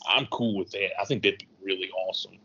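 A man's voice: low-pitched, steady tone, fast, pushed and bright. A man co-hosting a casual wrestling podcast, an enthusiastic fan who retells the show in detail. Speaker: podcast co-host. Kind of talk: casual wrestling recap chat. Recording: dull lo-fi sound.

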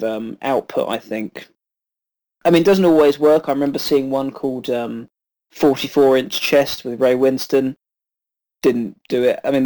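A man co-hosting a film podcast, reviewing in a measured, hesitant way with frequent ums. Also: mid-range voice, warm tone, rough recording.

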